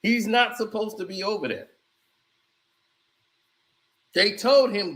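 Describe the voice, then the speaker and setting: A man doing casual, animated reaction commentary on a basketball clip, mocking and shouting as he reacts. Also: high-pitched, slow, long pauses. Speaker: sports commentary streamer.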